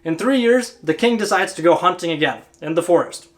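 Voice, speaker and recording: An animated man with a high-pitched voice moves briskly as he hosts his channel, talking informally to camera. He works in HVAC, keeps the tone chatty, and constantly checks in with a "right?"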